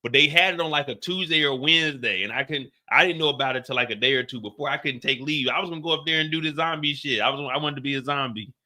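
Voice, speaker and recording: Male live-stream host, loose and profane, laughs a lot; bright, forward voice. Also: on the high side, quick pace, hardly any pauses. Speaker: streamer reacting to a show. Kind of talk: casual live reaction stream.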